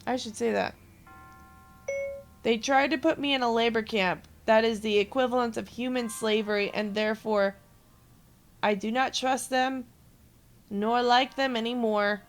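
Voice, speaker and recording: A woman's voice: a little high, fairly even intonation, a little slow, long pauses, faint music behind. A young woman streamer venting to her viewers in a rambling, swearing rant. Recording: noisy background.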